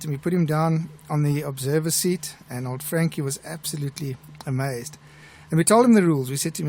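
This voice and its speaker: A middle-aged man with a South African accent, a pilot who hosts a live show and tells stories in a chatty, relaxed way. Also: fairly high pitch, fast, slight background noise. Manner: chatty, relaxed storyteller with restarts. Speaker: airline pilot and show host. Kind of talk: live show chat and anecdote telling.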